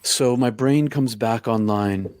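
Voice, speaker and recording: A middle-aged man telling a personal story in an interview, talking haltingly with many restarts. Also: medium pitch, clean tone, no room sound. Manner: halting, full of restarts, acts out quoted lines loudly. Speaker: podcast guest.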